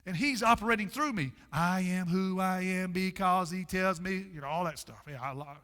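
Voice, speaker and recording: High, bright-voiced preaching pastor. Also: male voice, big-room sound. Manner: preaching with dramatic pauses and repetition. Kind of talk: sermon. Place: church sanctuary.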